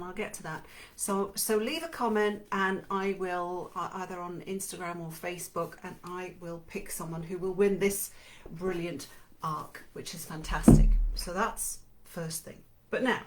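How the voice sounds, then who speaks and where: A middle-aged woman hosting a live book-reading show, chatting enthusiastically and gushing about the book before reading it aloud. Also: mid-range voice. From not from North America. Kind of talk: casual live-stream chat and book reading.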